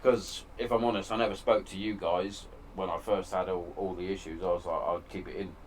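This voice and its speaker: This deep-voiced man hosts a podcast from his shed, talking a little fast in a steady tone over slight background noise. He opens up emotionally about difficult times in a frank, casual chat peppered with curse words.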